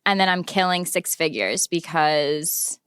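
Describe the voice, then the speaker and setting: A woman's voice: low voice, a little slow, a bit bright, clean tone, dry recording, clean studio sound. A young woman co-hosting a podcast in casual chat, playful and teasing, breaking into laughs. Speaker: podcast co-host.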